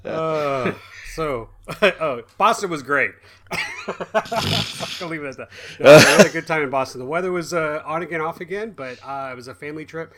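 A man's voice: a little high, normal speed, a bit bright. A man in his forties, co-hosting a podcast and telling a rambling, chatty story in casual talk. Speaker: podcast co-host.

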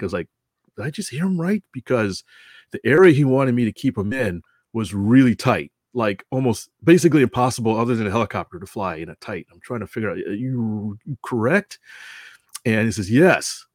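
A man's voice: fairly low pitch, expressive, a little fast, a little mellow, no room sound, studio quality. A man telling a casual story about announcing at a model airplane show. He rambles, corrects himself often and chuckles as he goes.

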